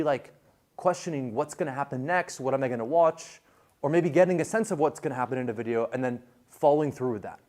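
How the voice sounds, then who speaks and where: A man's voice: mid-range voice, darkish tone. A man giving a casual classroom lecture on viral video, chatty, with many fillers and restarts.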